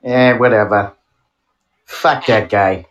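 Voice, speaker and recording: A man's voice: on the low side, takes it slowly. Man doing profane mock-tough trash talk. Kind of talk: crude comedic banter while streaming.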